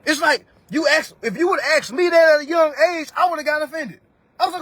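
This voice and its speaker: On a dry phone recording, a man in his thirties rants through a money-advice livestream in a very high-pitched, fairly bright voice, moving briskly. He's preachy and profane, speaking directly to viewers he calls family.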